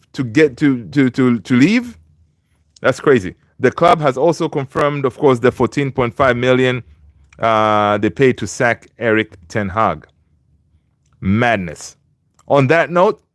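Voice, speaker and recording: A man's voice: mid-range voice, unhurried, no echo, clean studio sound. A man hosting a football fan livestream in a loose, chatty way, reading viewer comments aloud and greeting viewers by name. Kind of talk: casual livestream chat.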